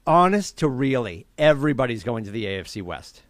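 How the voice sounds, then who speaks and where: A man co-hosting a casual sports podcast, ranting in an animated way and laughing as he talks. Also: medium pitch, fairly quick, no echo, studio quality. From New England. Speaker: podcast co-host.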